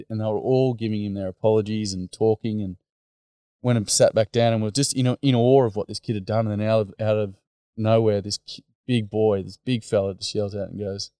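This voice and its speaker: A man's voice: on the low side, steady tone, brisk, mellow, no echo, clean studio sound. A man with an Australian accent, a teacher and mentor, telling stories as a podcast guest in a casual, blokey way full of fillers and "mate". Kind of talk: storytelling in a podcast interview.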